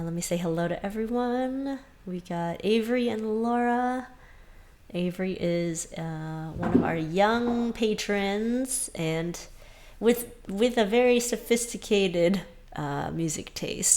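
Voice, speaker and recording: A woman's voice: medium pitch, darkish tone. A woman teacher hosting a casual live stream, greeting viewers one by one, slightly sick with a runny nose. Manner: chatty, reads out viewer names one by one. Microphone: webcam mic, leaning in and backing away.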